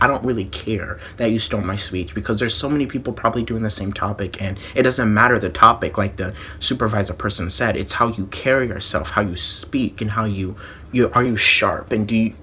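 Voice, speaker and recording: A man's voice: lowish voice, sharp tone, a little hiss or hum. A man vlogger telling a rambling storytime monologue, full of "like" fillers and restarts.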